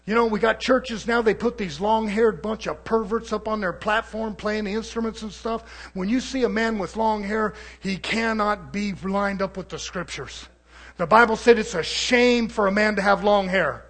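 A man preaching a fiery, confrontational sermon, swinging between muttered asides and shouting. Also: high voice, normal speed.

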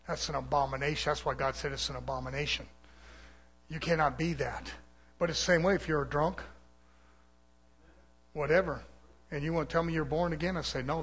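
A man preaching a fiery sermon to a church, alternating forceful loud passages with quieter asides. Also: a little hiss or hum. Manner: forceful preaching, swinging between loud peaks and low asides. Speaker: pastor.

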